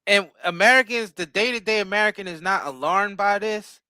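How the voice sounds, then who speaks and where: A man's voice: high voice, a little fast, pushed and bright, clear, resonant tone, no room sound. A man in heated casual political talk, emphatic and repeating words as he builds his point.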